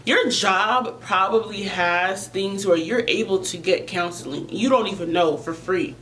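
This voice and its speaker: A woman's voice: medium pitch, a little slow, a bit bright, rough recording. A woman vlogger talking earnestly and emotionally to her viewers about mental health, often repeating herself as she searches for words.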